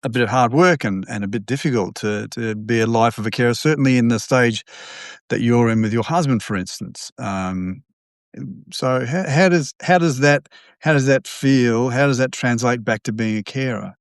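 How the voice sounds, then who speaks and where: A man's voice: mid-range voice, normal speed, no echo. A male podcast host asks his guest a question. He feels his way through it with ums and restarts. His voice sits in a middle range and is recorded dry. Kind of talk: podcast interview.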